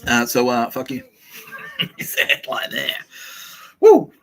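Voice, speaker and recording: A man's voice: medium pitch, wildly swooping pitch, takes it slowly, creaky, low-quality recording. A man hosting a podcast, rambling through profane casual banter and laughing often. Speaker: podcast host.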